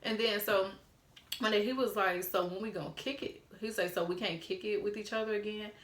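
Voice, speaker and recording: A woman's voice: medium pitch, steady tone, fairly quick, a bit bright. A young woman vlogger telling a story casually, blunt and frank, swearing freely and mimicking the texts she got. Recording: roomy echo.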